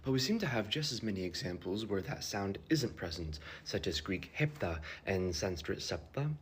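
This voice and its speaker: Man, deep low voice, scripted explainer narration, measured and precise. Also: animated, a little hiss or hum.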